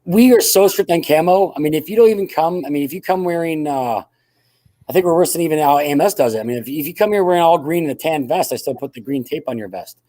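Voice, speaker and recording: A man's voice: on the high side, fast talker, mellow, dry recording. A man, a guest who owns a playing field, explaining things in an offhand, rambling way on a casual podcast. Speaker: guest, airsoft field owner.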